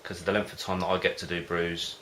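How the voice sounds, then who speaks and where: A man's voice: low voice, level tone, a little fast, bright, forceful tone, a little hiss or hum. A man vlogging about home brewing in a casual, rambling way, often hesitating and losing his thread. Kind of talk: casual rambling chat to camera.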